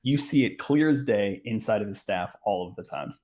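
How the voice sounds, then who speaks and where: A man, a podcast guest, talking in a relaxed way and explaining film background with many fillers. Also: fairly low pitch, normal speed. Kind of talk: casual movie discussion.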